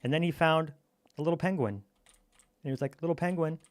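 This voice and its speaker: A man's voice: a little high, a little fast, no room sound. A man chatting casually while gaming, telling a silly campfire story in a playful, teasing way.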